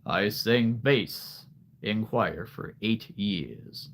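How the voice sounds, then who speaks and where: A man's voice: mid-range voice, unhurried, fairly bright tone. A man from Nebraska, a livestream host chatting casually with viewers, laughing often. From Nebraska, USA. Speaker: livestream host showing a creature collection.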